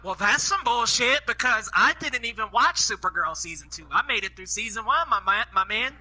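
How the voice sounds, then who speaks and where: A man's voice: high voice, lively intonation, brisk, bright, forceful tone, poor audio. A man co-hosting a casual podcast, blunt and dismissive, with slangy swearing. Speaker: podcast co-host.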